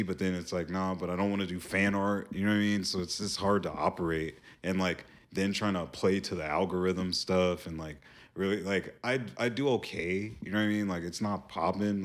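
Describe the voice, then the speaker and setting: Deep-voiced man, loose and rambling. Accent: slight Southern US. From Virginia, US. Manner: rambling, loose, peppered with "you know what I mean". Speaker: guest artist. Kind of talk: casual podcast chat.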